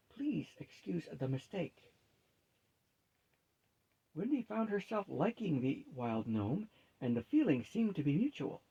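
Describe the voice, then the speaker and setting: A man reading a fantasy novel aloud at a steady, unhurried pace, lightly shifting his pitch for each character. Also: creaky, husky, highs cut off. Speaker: storyteller.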